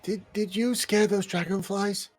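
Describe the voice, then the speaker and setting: A man playing an earnest, high-voiced adventurer. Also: fairly even intonation, measured pace, slightly rough, faint music behind.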